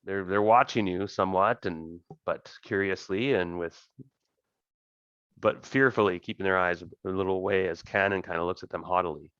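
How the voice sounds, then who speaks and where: Over what sounds like a computer mic on an online call, dry and dull, a very low-voiced game master narrates his tabletop game in a relaxed, rambling manner. He keeps a moderate pace and a clean tone.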